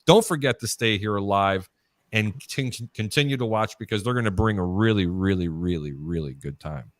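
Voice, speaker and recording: A man's voice: fairly low pitch, normal speed, dry recording. A man hosting a live sports betting talk show, chatty and storytelling, mimicking announcers as he goes. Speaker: host.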